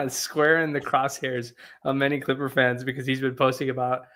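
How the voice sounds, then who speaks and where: A man's voice: mid-range voice, level tone, normal speed, pushed and bright. A man co-hosting a casual sports livestream, recalling things loosely and laughing often. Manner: laughing, loose conversational recollection. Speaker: podcast co-host.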